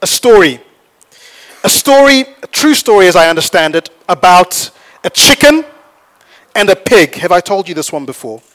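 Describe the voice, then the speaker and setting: Man, pastor, sermon, high voice, animated, loud then soft. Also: moderate pace. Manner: animated storyteller, rising loud for stories and dropping soft for points.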